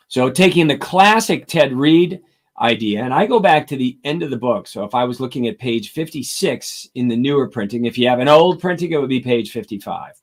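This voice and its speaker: A middle-aged man explains drum technique during a live-stream lesson. He talks things through carefully and counts out sticking patterns aloud in rhythm. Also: mid-range voice. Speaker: drum teacher and author.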